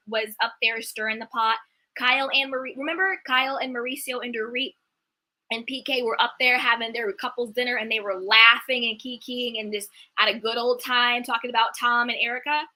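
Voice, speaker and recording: A woman with a high, very bright voice delivers a heated reality TV recap rant. She is indignant and animated and keeps using "like" as she talks. Her tone is cutting and sharp.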